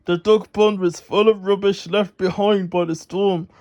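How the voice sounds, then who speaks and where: A man reading a children's storybook aloud in an unhurried way, stumbling over a word now and then. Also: high-pitched, steady tone, a little mellow. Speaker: storybook reader.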